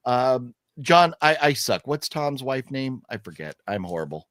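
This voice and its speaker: Lively older man chatting on a stream. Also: mid-range voice, a little slow, no room sound. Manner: lively, reads chat comments aloud, jokey. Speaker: co-host. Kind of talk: casual live-stream chat. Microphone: streaming setup.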